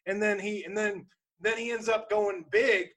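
High-voiced man in casual chat. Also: moderate pace. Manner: rambling, animated retelling with laughs. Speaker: podcast co-host.

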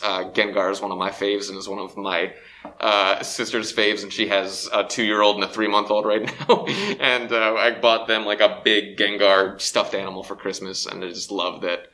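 A man's voice: on the low side, bright, forceful tone. A young man, a voice actor, talking eagerly in a panel interview, rambling with fillers, speaking through a face mask. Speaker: voice actor guest. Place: convention panel room. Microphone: handheld mic, speaking through a face mask.

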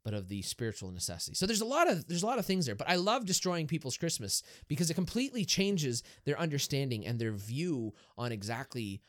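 A man, a Catholic priest, talking in a casual podcast discussion, explaining things in a lively way and asking rhetorical questions. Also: mid-range voice, fast talker, few pauses, dry recording, studio quality. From Erie, Pennsylvania, US.

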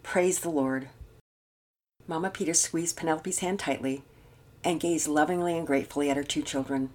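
Gentle grandmother storyteller, breathy. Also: sits low, a little fast. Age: older. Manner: gentle, expressive. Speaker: storyteller, host. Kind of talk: children's story reading.

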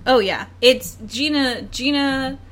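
A woman co-hosting a podcast in casual chat, chatty and opinionated, quick to agree. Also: high-pitched, fairly bright tone. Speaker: podcast co-host. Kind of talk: casual chat about a sitcom.

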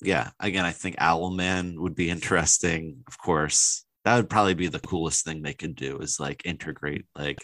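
Casual podcast co-host, male, deep low register, eager and rambling, dry close sound. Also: steady tone, normal speed, hardly any pauses, a bit bright, dry recording. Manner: enthusiastic, rambling with many fillers. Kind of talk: casual chat.

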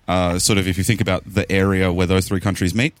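A man's voice: deep voice, steady tone, fast talker, dry recording. A young Australian man co-hosting a casual podcast, explaining world events in a rambling, hesitant way with frequent laughs. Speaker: podcast co-host.

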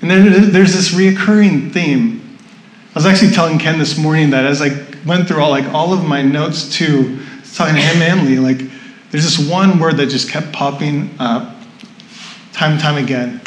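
A man's voice: on the high side, moderate pace. Chatty man preaching in an echoey hall. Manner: chatty storytelling, laughs often. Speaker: pastor. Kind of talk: sermon. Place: church hall with audience.

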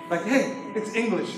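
A man preaching to a congregation as pastor, lively and joking, calling out for the crowd to respond. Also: high voice. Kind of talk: sermon with humorous stories. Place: church service. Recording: echoey room with music behind.

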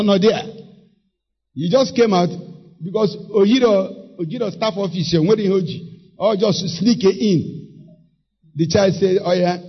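A man's voice: high-pitched, slightly rough, lo-fi sound. A middle-aged Nigerian man preaching a sermon emphatically, switching between English and Igbo.

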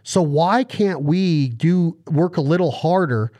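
A man hosting a hunting show and podcast, talking excitedly in casual conversation, rambling with many restarts. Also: fairly high pitch, slow pace, no echo.

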